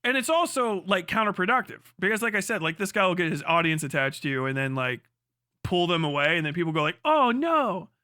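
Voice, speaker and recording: A man's voice: a little high, fast, bright, forceful tone, smooth, no echo, clean studio sound. A man ranting on a livestream, heated, sarcastic and full of swearing. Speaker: streamer. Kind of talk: livestream rant.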